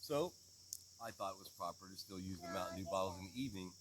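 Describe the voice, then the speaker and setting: A man's voice: sits low, quick pace, noisy background. A man co-hosting a casual outdoor chat, laid-back and rambling with chuckles. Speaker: co-host.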